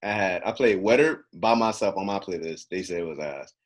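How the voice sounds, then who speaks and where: A man's voice: low-pitched, brisk. Profane young man telling a story. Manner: profane, animated storytelling with acted quotes. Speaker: podcast co-host. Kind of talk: casual storytelling chat.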